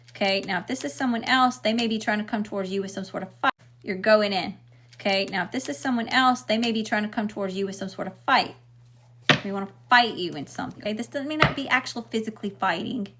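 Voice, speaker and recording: A middle-aged woman talks through a tarot spread in a loose, casual way, tagging almost every point with "okay?" or "right?" Her voice sits at a middle pitch, and she swears freely. A faint noise runs behind her. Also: fairly bright tone. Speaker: tarot reader. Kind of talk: casual spiritual tarot reading.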